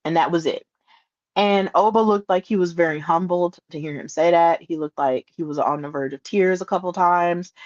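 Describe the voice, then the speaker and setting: A woman hosting a solo podcast, retelling events in an excitable, animated way with playful asides. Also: fairly low pitch, no echo, dull audio. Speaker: podcast host.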